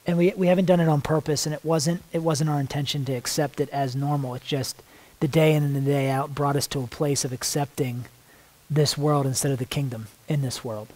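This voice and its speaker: A man praying aloud in spontaneous prayer, soft and halting, repeating words as he searches, sometimes dropping to a hushed near-whisper. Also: a little high, fairly even intonation, rough recording. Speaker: worship leader praying aloud.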